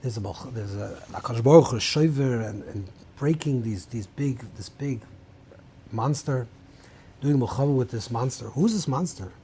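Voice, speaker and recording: A man's voice: medium pitch, normal speed, warm tone. A man teaching a rabbinical class in an informal lecture style, thinking aloud with many restarts and mixing Hebrew terms into English.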